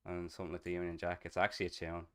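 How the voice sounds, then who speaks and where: Young male streamer with a Dublin accent: deep, smooth and clear, casual and chatty. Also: completely flat delivery, very fast. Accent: Dublin Irish. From Ireland. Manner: chatty, rambling, swears casually. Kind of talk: casual chat while streaming a roleplay game.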